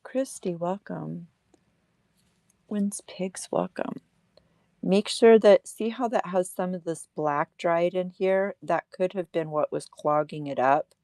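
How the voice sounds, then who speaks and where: Deep-voiced woman doing a relaxed craft livestream, slow and chatty, dry close mic. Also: dry recording. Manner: chatty, laughing at herself. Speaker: craft demo host. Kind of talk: casual livestream craft demo.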